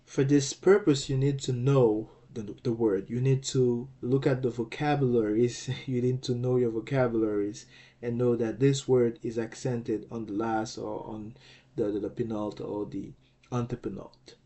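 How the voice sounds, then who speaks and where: A man teaching a grammar lesson, explaining slowly and carefully, often restarting phrases and checking in with "okay?". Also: medium pitch, fairly even intonation, dark tone. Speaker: Greek language teacher.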